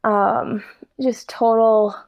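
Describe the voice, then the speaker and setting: A young woman, a podcast guest, telling a story in an animated, laughing way. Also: on the high side, extremely slow, vocal fry. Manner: animated, laughing, quotes others. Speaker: guest, thru-hiker. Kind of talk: casual storytelling.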